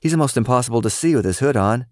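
A man's voice: medium pitch, expressive, very fast, a little mellow, no echo, studio quality, pitched above the performer's own voice, close to an everyday voice. A man voicing a matter-of-fact young boy who explains something he already knew. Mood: knowing. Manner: knowing, explaining.

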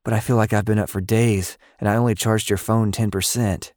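A man voicing a weakened boy who speaks softly and wearily in an audio story. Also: lowish voice, fairly even intonation, fairly quick, no room sound, studio quality, close to an everyday voice. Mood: weary. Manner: soft and weary. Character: tired, weakened boy with powers.

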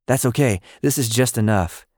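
A man's voice: mid-range voice, moderate pace, no room sound, clean studio sound, voice pushed up, lightly acted. A man voicing an enthusiastic, supportive boy who praises his friend in an audio story. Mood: excited. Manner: excitable and praising.

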